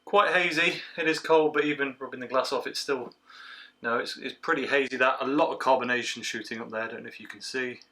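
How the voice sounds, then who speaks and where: A man giving a casual beer review from home, chatty and relaxed, with plenty of filler sounds. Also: mid-range voice, a little fast. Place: at home, indoors.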